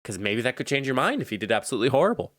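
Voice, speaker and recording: In a casual podcast chat, a young male co-host talks animatedly, getting heated and laughing a lot. His voice sits in the mid range and he races along. It's studio-quality sound with no room noise.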